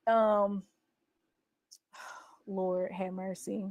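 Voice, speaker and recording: A woman recapping her team's college football season in a casual, boastful, teasing way, with animated exclamations. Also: medium pitch, drawn-out words, long pauses, no echo. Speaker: college football fan vlogger. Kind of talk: casual trash-talking recap.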